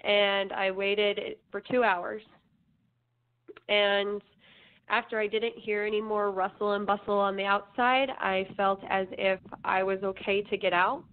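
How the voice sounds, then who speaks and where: A woman guest slowly telling her life story in an interview, with measured pauses. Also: medium pitch, flat delivery. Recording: phone line with faint hiss.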